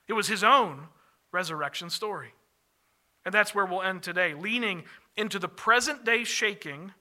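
High, bright-voiced male pastor preaching. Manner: earnest, slows and drops softly on key phrases. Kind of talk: sermon.

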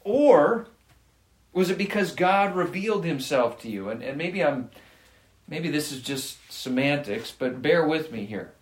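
A man's voice: on the high side, animated, moderate pace. A man preaching a sermon, earnest and emphatic, reading scripture aloud and pressing his points. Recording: echoey room.

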